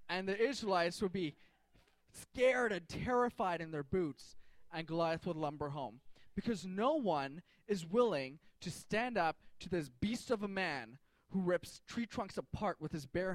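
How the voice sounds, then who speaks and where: A man's voice: a little high, dry recording. A man in a casual, jokey storytelling sermon, talking to a group with slang and fillers.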